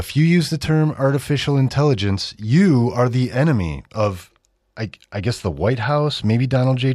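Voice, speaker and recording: Sardonic and mocking, a middle-aged radio host exaggerates the texts he reads on air. His mid-range voice has a darkish tone, recorded in a clean studio without any room sound.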